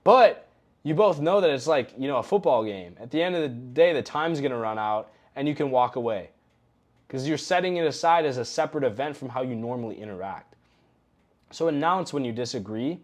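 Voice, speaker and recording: A young adult man giving a recorded coaching lesson in a relaxed, conversational way, often acting out example phrases. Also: medium pitch, fairly quick. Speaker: coaching course instructor.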